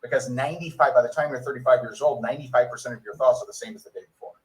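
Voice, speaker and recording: A man's voice: medium pitch, fairly even intonation, racing. A man delivers a motivational training in a preachy coaching manner. His voice sits in a middle range and sounds like it was picked up from somewhere across the room, a bit distant from the mic. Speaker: network marketing coach. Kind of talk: recorded training talk.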